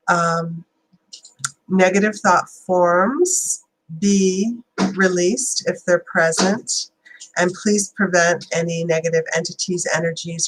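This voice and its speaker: A woman hosting a spiritual channeling livestream. She chats loosely with fillers, then slows into a prayerful invocation. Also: on the low side, slight background noise, low-quality recording. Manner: chatty and rambling, then slow and prayerful.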